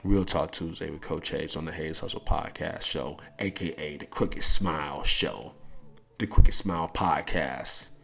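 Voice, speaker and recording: A middle-aged man, a podcast host and coach giving a blunt, profane motivational monologue with big jumps in pitch. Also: a little slow, gravelly, fairly bright tone.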